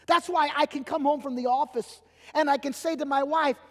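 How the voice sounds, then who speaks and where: Middle-aged male pastor, high pitched and emphatic, sermon in a reverberant hall. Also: fairly quick. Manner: animated, emphatic preaching with acted-out quotes. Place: church sanctuary. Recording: long church hall reverb.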